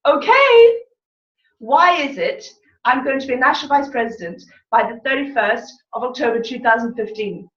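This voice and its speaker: A woman leading a sales team training session, lively and laughing, getting the room to chant together. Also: sits high, normal speed. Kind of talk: motivational talk to a room. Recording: distant echoey room mic, dull.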